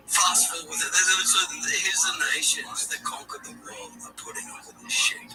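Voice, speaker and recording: A man's voice: high voice, wildly swooping pitch, normal speed, in a whisper. Australian man, swearing and rambling. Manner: crude, rambling, heavy swearing. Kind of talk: casual livestream chat. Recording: distant voice over music. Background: music playing.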